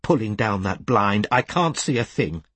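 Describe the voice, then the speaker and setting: A man reading an audiobook, voicing an agitated thin male client who shouts in a high voice that cracks into falsetto. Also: lively intonation, moderate pace, no room sound. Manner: furious accusing outbursts.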